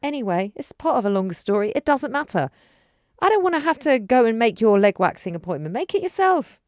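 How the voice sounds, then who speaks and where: Brief: woman, 40s, podcast co-host, animated storyteller with a very lively pitch. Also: brisk, no echo, studio quality. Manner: animated storytelling, acts out quotes. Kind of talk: casual chat.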